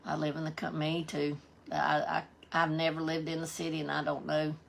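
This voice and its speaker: A woman's voice: low-pitched, monotone, a little fast, vocal fry. A woman with a Southern US accent, hosting a live stream and chatting folksily, greeting viewers by name as she reads their comments. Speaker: livestream host.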